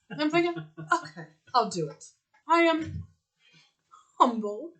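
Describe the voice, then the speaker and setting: A woman with a high, bright voice co-hosts a casual talk show. She tells her stories in an animated way, acting out both people in them, and she swears freely. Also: rough recording. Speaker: co-host. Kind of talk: casual storytelling chat.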